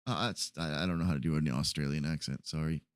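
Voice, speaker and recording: A man's voice: extremely low pitch, steady tone, quick pace, no echo, studio quality. A man streaming a roleplay game, chatting casually and animatedly to his viewers, laughing often.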